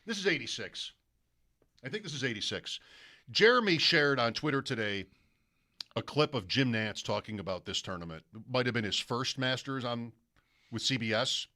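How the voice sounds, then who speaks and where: Speaking at medium pitch and normal speed, a male sports radio host relates a long anecdote in easygoing studio conversation. He's lively throughout, doing impressions of broadcaster calls.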